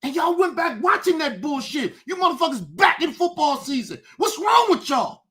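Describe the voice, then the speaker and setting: This is a woman hosting a livestream rant, her voice high and bright. She speaks angrily, swears constantly, and often rises to a shout. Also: big pitch swings, moderate pace. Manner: angry, profane, often shouting. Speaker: streamer, show host.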